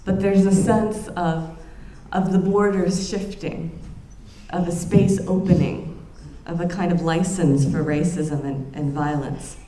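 A woman giving an academic lecture in an earnest, reflective way, often pausing and restarting her phrases. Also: fairly low pitch, steady tone, mellow. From United States. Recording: roomy lecture room with faint ambience.

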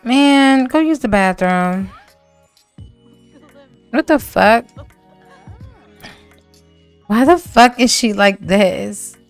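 A woman's voice: fairly high pitch, animated, drawn-out words, long pauses, smooth, soft background music. A woman commenting on her life-sim game as a let's play host, dramatic and slangy, full of exclamations and swearing.

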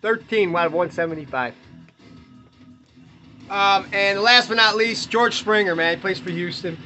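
A man's voice: high-pitched, normal speed, pushed and bright, faint music behind. A man hosting a podcast, ranting bluntly and profanely in casual talk while opening baseball cards, chuckling often. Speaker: podcast host.

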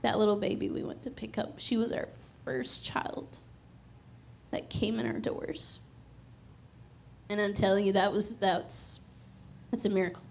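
A middle-aged woman preaching a sermon as personal testimony, telling her story with animated energy, laughing often and acting out the dialogue. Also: mid-range voice, measured pace, gravelly, pauses often, a little hiss or hum.

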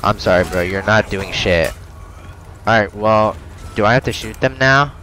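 A man's voice: on the low side, moderate pace, bright, forceful tone, slight background noise, rough recording. A man commentating his horror game playthrough, swearing and joking at the screen, yelping when something jumps out. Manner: profane, jokey, reactive, yelps when startled. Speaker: gamer.

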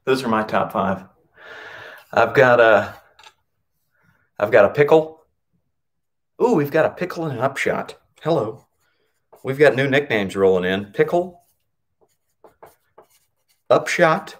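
A PE coach with a medium-pitched voice speaks slowly and animatedly, pausing often. Breathless from working out, he runs an upbeat live-streamed class, counting exercise reps and calling out nicknames.

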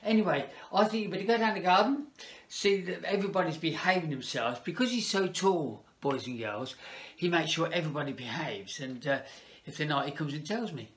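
A man working as a children's entertainer chats playfully with kids and a puppet at a party. His voice is high and fairly bright, and he talks fairly quickly.

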